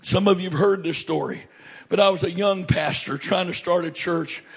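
A middle-aged male pastor preaching a sermon, animated, swinging from loud to hushed. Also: high-pitched, moderate pace, creaky, breathy edge.

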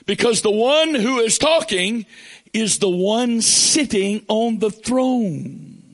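A man preaching a sermon, reading scripture aloud and building to fervent shouts. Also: sits high, takes it slowly.

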